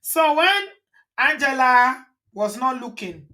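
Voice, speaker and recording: Woman host, higher voice, fired-up casual commentary full of rhetorical questions. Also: takes it slowly. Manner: animated, indignant, rants with rhetorical questions.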